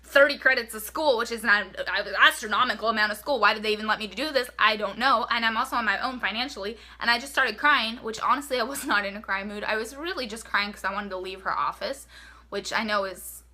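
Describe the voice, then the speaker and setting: A woman's voice: fairly high pitch, fast, bright, forceful tone. A young woman giving frank college advice in a chatty vlog, peppering her talk with "like". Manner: chatty, frank, fills speech with "like". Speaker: vlogger giving college tips.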